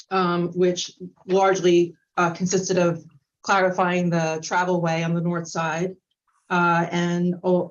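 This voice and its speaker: Polite woman on a dull call line. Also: lowish voice. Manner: polite, grateful, businesslike. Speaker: applicant's representative. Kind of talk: meeting presentation.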